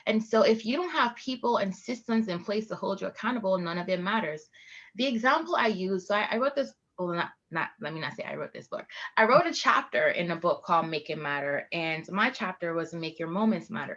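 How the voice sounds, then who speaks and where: A woman speaking at an online leadership conference, talking in a lively way and laughing often. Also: medium pitch, muffled recording. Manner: lively, laughing, animated storytelling. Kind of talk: live online presentation.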